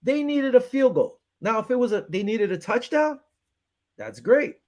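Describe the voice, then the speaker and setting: A man's voice: extremely high pitch, moderate pace. A man hosting a casual sports talk show, fired up and frustrated, acting out his own phone calls as he breaks down a game. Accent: Western New York. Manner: animated, retells with quoted back-and-forth, frustrated ranting.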